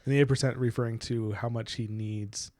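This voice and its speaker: A man's voice: medium pitch, fairly even intonation, normal speed, mellow. A man co-hosting a podcast, casually discussing a book and eagerly pointing out plot hints, with many fillers. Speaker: podcast co-host.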